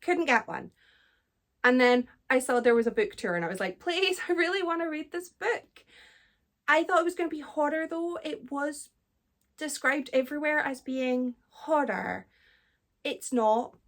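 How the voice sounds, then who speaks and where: A young Scottish woman chatting casually in a book vlog, self-deprecating and quick to laugh. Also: high voice, expressive. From Scotland. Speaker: book vlogger.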